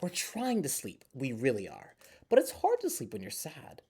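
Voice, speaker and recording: A man reads a bedtime picture book aloud, breaking off for chatty asides to young listeners. His voice is warm and mellow. His pitch swings widely and playfully. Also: wildly swooping pitch, normal speed, breathy edge. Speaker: library storyteller.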